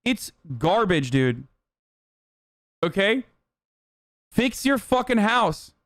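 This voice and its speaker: A man's voice: high-pitched, big pitch swings, extremely slow, fairly bright tone, no echo, clean studio sound. A man in his thirties streaming casual, profane political commentary, ranting heatedly and sarcastically at a desk microphone. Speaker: streamer reacting to news.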